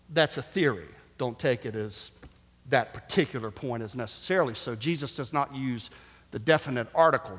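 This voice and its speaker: A man preaching a sermon as pastor, shifting from hushed, slow passages to loud, emphatic ones. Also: medium pitch, in a large hall.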